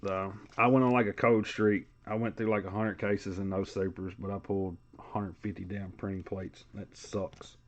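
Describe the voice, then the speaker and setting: A man's voice: low-pitched, little pitch movement, normal speed, hardly any pauses, lo-fi sound. A man hosting a live sports card break, calling out player names in a casual, chatty way.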